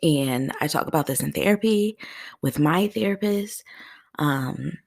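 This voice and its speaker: A woman's voice: low voice, animated, unhurried, vocal fry, a little mellow. A woman hosting a heartfelt solo podcast, talking earnestly to her listeners, choked up at times. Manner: earnest, tearful and laughing through emotion. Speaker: podcast host.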